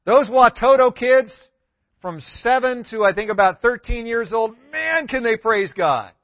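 A man's voice: extremely high pitch, lively intonation, unhurried, no echo. A man pastor giving a sermon, emphatic and repeating key words for stress. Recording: dull lo-fi sound.

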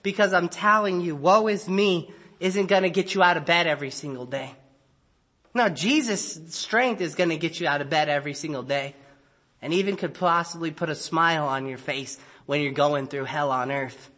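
High-voiced man preaching a casual sermon. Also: moderate pace, a bit bright. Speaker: pastor. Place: church sanctuary.

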